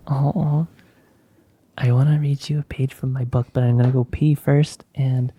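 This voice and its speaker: A man hosting a spiritual podcast, chatting casually and reading aloud from his book in a gentle, playful way. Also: medium pitch, level tone, moderate pace, husky, no echo. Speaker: podcast host.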